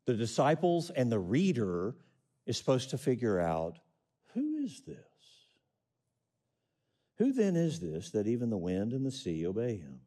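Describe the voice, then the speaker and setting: A man's voice: medium pitch, very animated, moderate pace, dark tone. A middle-aged man preaching a sermon, reading scripture and asking the congregation questions with rising emphasis. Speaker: pastor.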